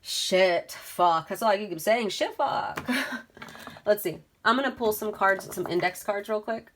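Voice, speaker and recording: A woman's voice: medium pitch, moderate pace, a bit bright, slight background noise. A woman giving a casual tarot reading, talking straight to her viewers and swearing freely. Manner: chatty, swears freely, addresses viewers directly. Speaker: tarot reader.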